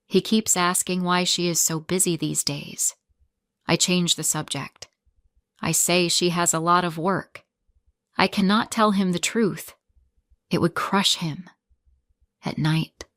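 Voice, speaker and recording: A woman narrating a first-person story in slow, simple sentences for English learners, with a sorrowful telling. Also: sits low, no echo, studio quality.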